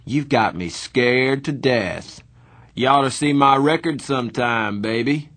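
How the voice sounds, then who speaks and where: A man's voice: mid-range voice, unhurried, a bit bright, no echo, pitched above the performer's own voice, lightly acted. A man reading an audiobook, voicing a brash, taunting young hoodlum. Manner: taunting, sly. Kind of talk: audiobook narration.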